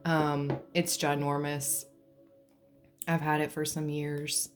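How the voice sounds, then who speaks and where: A woman's voice: low voice, flat delivery, slow pace, over music. A woman giving a pick-a-card tarot reading in a playful, joking way, now and then bursting into song. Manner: playful, laughs to lighten things, breaks into humming and song. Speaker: tarot reader.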